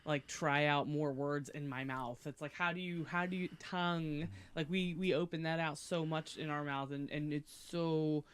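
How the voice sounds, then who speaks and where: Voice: medium pitch, flat delivery, normal speed, few pauses, a bit bright, clean tone. A podcast co-host chatting casually and enthusiastically, giggling often.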